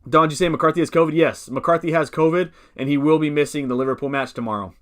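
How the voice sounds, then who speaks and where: A man's voice: fairly high pitch, fast talker. Man live-streaming, chatty and rambling. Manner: rambling, self-correcting, upbeat, reads chat aloud. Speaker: fantasy football streamer answering chat. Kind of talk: casual live-stream chat.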